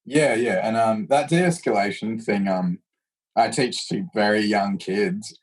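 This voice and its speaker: Speaking at a measured pace with a fairly low pitch, this man is a martial arts instructor from Australia. In a casual interview he tells stories with animation, voicing the people he quotes, over a rough recording.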